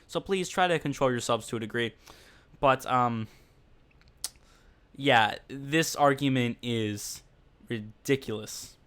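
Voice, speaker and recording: Smooth-voiced man hosting a casual stream. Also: mid-range voice, takes it slowly, pauses often, fairly bright tone. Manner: blunt and mocking, with frequent fillers. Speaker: podcast and livestream host. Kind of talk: casual rambling commentary.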